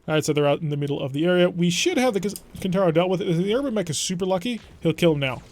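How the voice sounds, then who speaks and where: A man's voice: sits high, lively intonation, racing, few pauses, no echo. A young adult man streaming a mech strategy game, giving chatty, wry, mock-exasperated play-by-play commentary. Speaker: gaming streamer. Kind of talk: let's play gameplay commentary.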